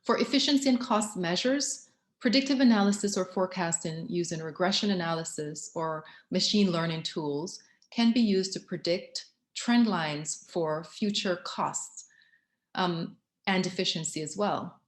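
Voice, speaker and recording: Measured woman giving a conference talk. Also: fairly low pitch, echoey room. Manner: measured, with frequent ums and restarts. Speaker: conference speaker.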